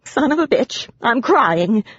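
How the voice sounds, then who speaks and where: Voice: medium pitch, big pitch swings, slow, fairly bright tone, breathy edge, no echo, dull audio, pitched above the performer's own voice, full character voice. Narrator playing a gushing, tearful mother. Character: excitable middle-aged mother, emotional.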